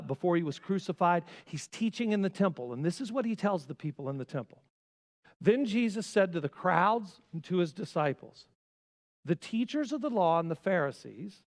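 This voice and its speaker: A man preaching a sermon as pastor, swinging from loud emphasis to hushed asides. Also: on the high side, big-room sound. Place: church sanctuary.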